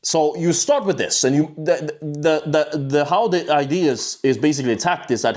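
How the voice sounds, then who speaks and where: A man's voice: a little high, moderate pace, hardly any pauses, darkish tone. A man talking off the cuff in a motivational monologue, blunt and emphatic, swearing and often checking in with "right?". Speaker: self-improvement video host.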